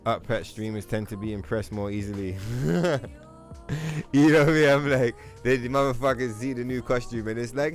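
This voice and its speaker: A man's voice: medium pitch, normal speed. A man hosting a game livestream, riffing in casual, profane, mocking commentary. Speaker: livestream host. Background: music.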